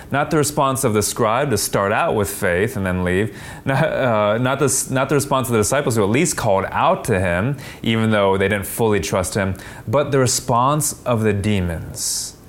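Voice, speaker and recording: A man preaching a sermon, animated, acting out quoted lines with a raised, louder voice. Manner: animated, acts out quotes with rising pitch and loudness. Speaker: pastor.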